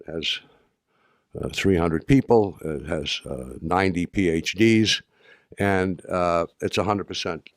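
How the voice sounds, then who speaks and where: An older man giving an anecdotal talk to an audience, halting with restarts and dry humor. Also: sits low, no echo. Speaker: speaker addressing an audience.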